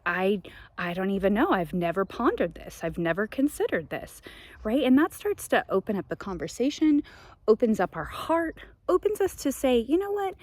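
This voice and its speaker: A woman hosting her own show, talking passionately in a spiritual monologue, venting with laughs now and then. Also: mid-range voice. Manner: passionate, ranting, frequent laughs. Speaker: podcast host.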